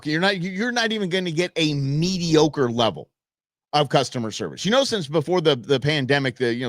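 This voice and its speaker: A man's voice: a little high, fairly bright tone, no echo, studio quality. A middle-aged man hosting a live show, telling a story in a rambling, emphatic way with lots of fillers and restarts. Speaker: show host.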